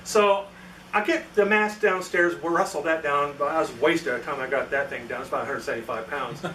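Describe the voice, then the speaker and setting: Brisk and sharp-toned, with a fairly high pitch, a guest presenter at a club meeting shares an anecdote and acts out the quoted lines of those involved. Captured from afar in an echoey meeting room, the audio has a little hiss or hum.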